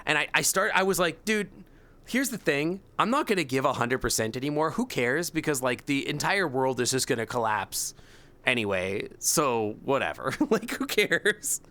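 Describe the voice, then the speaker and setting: Bright-voiced young man chatting. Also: medium pitch, normal speed. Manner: animated storytelling, mimics coworkers. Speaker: streamer. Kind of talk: casual chat with chat readers.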